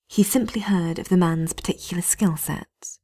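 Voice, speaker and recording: A woman reading a story aloud in a hushed, often half-whispered delivery. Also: on the low side, normal speed, husky. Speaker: narrator.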